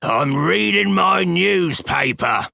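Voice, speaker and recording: A man's voice: high-pitched, lively intonation, takes it slowly, creaky, bright, forceful tone, no echo, clean studio sound, pitched above the performer's own voice, exaggerated voice. A man voicing a spiteful old husband who answers smugly from behind a locked door. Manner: smug, drawling and muffled.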